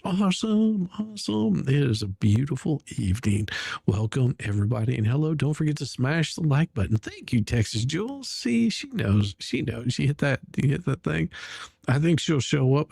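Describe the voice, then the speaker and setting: A man with a gravelly, husky voice hosts a casual livestream. His pitch swings widely as he greets viewers one by one and rambles on, full of restarts and mockery. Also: animated, moderate pace, darkish tone, dry recording, clean studio sound. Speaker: livestream host.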